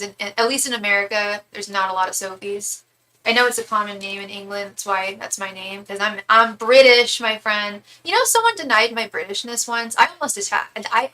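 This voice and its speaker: A woman's voice: mid-range voice, bright, forceful tone, low-quality recording. A woman who is a tarot reader, chatting casually and at length during a live-stream reading, with some swearing.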